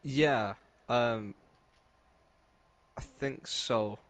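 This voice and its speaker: A man's voice: medium pitch, drawn-out words, fairly bright tone, dull audio. An English man chatting casually on a podcast, laid-back and rambling, chuckling often. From England. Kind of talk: casual chat.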